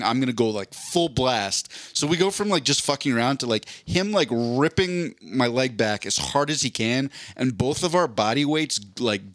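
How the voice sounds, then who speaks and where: A man's voice: mid-range voice, fairly bright tone, no echo, clean studio sound. Profane rambling man in his forties. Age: 40s. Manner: profane, rambling, lots of fillers and restarts. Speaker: podcast host. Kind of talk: casual storytelling chat.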